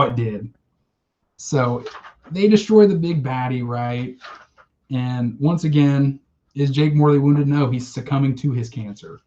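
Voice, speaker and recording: A man's voice: medium pitch, warm tone, muffled recording. A man co-hosting a casual podcast, telling a story with emotion and some swearing. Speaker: podcast co-host. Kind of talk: casual chat.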